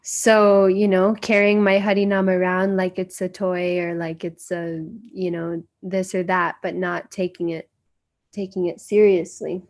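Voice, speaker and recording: A woman's voice: fairly low pitch, little pitch movement, a little slow, darkish tone. Earnest American woman telling memories. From United States. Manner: earnest, acts out quoted voices. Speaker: guest speaker sharing memories. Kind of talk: personal storytelling.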